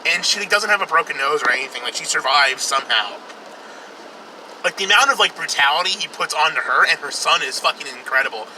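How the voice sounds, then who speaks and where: A man's voice: on the high side, animated, quick pace, pushed and bright, slight background noise, poor audio. A young man casually reviewing a film while driving, rambling, profane and sarcastic. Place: in a car, outdoors traffic.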